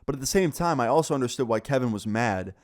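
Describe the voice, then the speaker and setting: A young man casually telling a school story, animated and swearing, acting out what others said. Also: medium pitch, fast. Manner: animated, swearing, acts out quoted voices. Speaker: storyteller vlogger.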